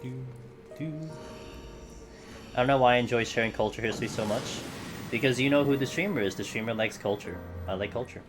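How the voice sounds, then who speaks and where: A man's voice: mid-range voice, fast talker. A man chatting casually with his live-stream audience while he plays, joking and swearing now and then. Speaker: video game streamer. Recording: game music playing under the voice.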